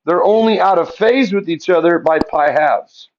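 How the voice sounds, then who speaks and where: A man's voice: high voice, normal speed, dull audio, slight background noise. A male math teacher lecturing a classroom, asking the students questions and answering them himself.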